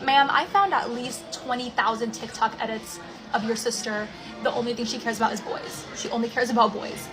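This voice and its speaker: A woman co-hosts an online drama commentary and delivers blunt, exasperated rants with plenty of sass. Her voice sits somewhat high. Music plays clearly behind her. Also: level tone, brisk, low-quality recording. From Egyptian family. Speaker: co-host.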